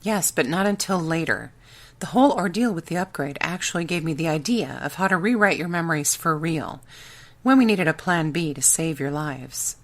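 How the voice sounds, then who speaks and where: A woman's voice: deep voice, animated, moderate pace. A woman narrator voicing a defensive male scientist explaining himself in an audiobook. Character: defensive male scientist, loyal old friend.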